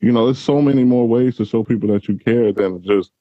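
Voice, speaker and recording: A man's voice: medium pitch, fairly quick, no echo, dull audio. A male host who speaks in a reflective, encouraging way and asks probing questions. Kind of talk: interview, motivational talk.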